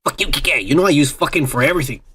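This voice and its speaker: A man's voice: fairly high pitch, animated, rapid-fire, bright, forceful tone, a little hiss or hum. A man co-hosting a podcast in profane, rambling casual chat, drinking as he talks and repeating "yeah, yeah" over and over. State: drinking on air. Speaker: podcast co-host.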